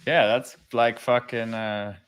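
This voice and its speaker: A man's voice: slow pace, clean tone. A man co-hosting a casual podcast chat, telling stories with lots of swearing and acting out what others said. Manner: animated storyteller, mimics his son in higher voice, swears a lot. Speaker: podcast co-host.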